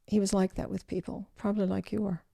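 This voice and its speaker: Older woman, gravelly voice, animated storyteller, dry close sound. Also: mid-range voice, quick pace, no room sound. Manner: animated storyteller who acts out quoted voices. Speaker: guest. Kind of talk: personal storytelling interview.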